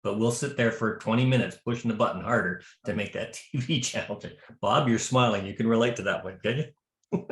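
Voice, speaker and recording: A man's voice: on the low side, brisk. A man teaching square dance calling to a class in a chatty, joking way with many restarts. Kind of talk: presentation to a class of callers. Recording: roomy echo.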